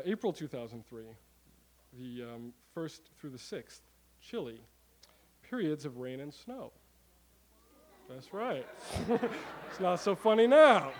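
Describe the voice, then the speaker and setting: A man giving a live comic talk to an audience, animated and rambling, with many fillers and the odd curse word. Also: mid-range voice, low-quality recording. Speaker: comedic presenter.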